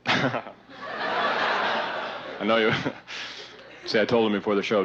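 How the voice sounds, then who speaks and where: A man doing a live stand-up act. His bits swing from deadpan asides to mock-exasperated outbursts. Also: lowish voice, unhurried, long pauses, background noise. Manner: mock-exasperated, rising to shouts. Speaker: stand-up comedian. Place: stage before a live audience. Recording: dull vintage live TV audio with crowd.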